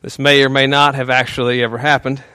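A male pastor preaching a sermon in a relaxed, conversational way, with frequent fillers and small chuckles, dropping to a soft, hushed tone when he prays. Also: mid-range voice, quick pace, clear, resonant tone, no echo.

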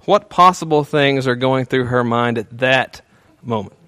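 Smooth and unhurried in a mid-range voice, this male preacher keeps his sermon relaxed and chatty, with frequent fillers and quiet chuckles. He prays in a soft, hushed tone, captured in a dry recording.

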